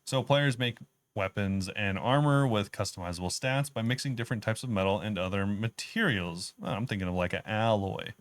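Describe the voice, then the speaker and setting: A man's voice: lowish voice, fairly quick, no echo. A man co-hosting a casual gaming podcast, explaining game updates in an easygoing, detailed way. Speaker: podcast co-host.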